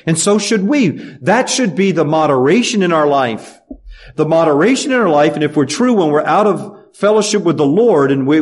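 A man's voice: a little high, darkish tone. A middle-aged man preaching a sermon in an earnest way, asking the congregation rhetorical questions. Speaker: pastor.

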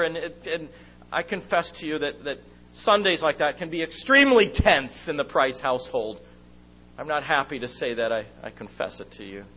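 A man's voice: on the high side, a little fast. A middle-aged man preaching and telling a family story, acting out moments as he goes. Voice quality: lively storyteller, acts out his own shouting and whispering. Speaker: speaker at a church meeting. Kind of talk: sermon with personal stories. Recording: dull lo-fi recording with faint hum.

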